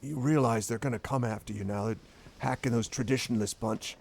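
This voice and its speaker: A man's voice: mid-range voice, a little fast, vocal fry, darkish tone. A man narrating as dungeon master for a tabletop game, enthusiastic and rambling.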